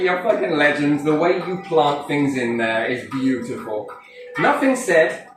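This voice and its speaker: Playful man, rambling and swearing, slightly high voice, very echoey room. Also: unhurried, soft background music. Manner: animated, cheeky, swears freely, acts out quotes. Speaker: speaker addressing a group. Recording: echoey room, distant mic, faint noise.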